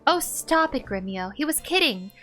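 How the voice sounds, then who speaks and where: A high, chiding young woman companion calms her excitable friend down, as a streaming woman puts her on. Faint game music plays behind her. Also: normal speed, full character voice. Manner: soothing, chiding.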